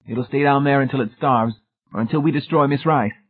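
A man's voice: medium pitch, fairly quick, slightly rough, pitched above the performer's own voice, close to an everyday voice. A man voicing a cynical, blunt, sardonic man. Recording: tinny phone-like sound.

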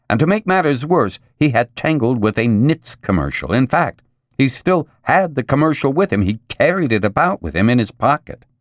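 A male audiobook narrator reads a novel in a measured way, pausing for drama. His pitch rises and falls a lot. He is recorded close and dry, with no room sound. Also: no echo. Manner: measured, expressive reading with dramatic pauses. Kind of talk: scripted narration.

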